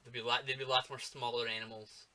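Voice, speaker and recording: A man co-hosting a casual movie-review podcast, animated and swearing often, with lots of fillers. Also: medium pitch, fast, crowd noise. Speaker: podcast co-host.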